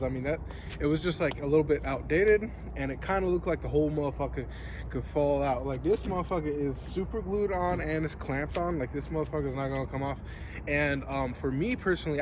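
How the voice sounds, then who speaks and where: A man casually vlogging outdoors beside his truck, rambling with lots of fillers and swearing. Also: a little high. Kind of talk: casual vlog talk. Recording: outdoor street noise with vehicles. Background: traffic and city ambience.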